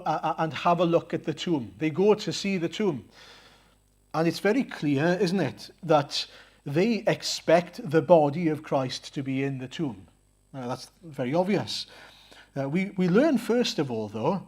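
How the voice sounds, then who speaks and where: Earnest male preacher, slightly high voice. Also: darkish tone. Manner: earnest, rhetorical questions, frequent hesitations and repeated words. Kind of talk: sermon. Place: church.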